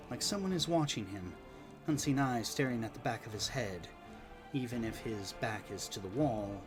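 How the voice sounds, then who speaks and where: A man's voice: mid-range voice, natural voice. Earnest young lady bard, read by a guy in his own voice, faint music behind. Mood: hushed. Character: young female traveling bard, earnest and kind.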